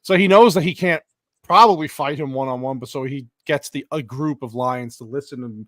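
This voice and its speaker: A man co-hosting a casual movie reaction chat, animated, swearing often and acting out characters' lines. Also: mid-range voice, fairly quick, no echo, clean studio sound. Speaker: podcast co-host.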